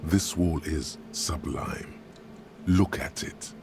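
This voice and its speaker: A man's voice: a bass voice, takes it slowly, vocal fry, darkish tone, slight background noise, heavily acted. An actor voicing a grave, ornate male narrator in a video game, with a solemn, grandiose delivery. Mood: awed.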